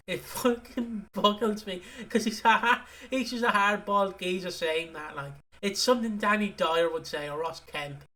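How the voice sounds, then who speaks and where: A man co-hosting a casual podcast while sick, his voice slightly hoarse. He chats in a jokey, rambling way and swears freely. His voice sits a bit high and sounds bright and tense. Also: moderate pace. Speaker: podcast co-host.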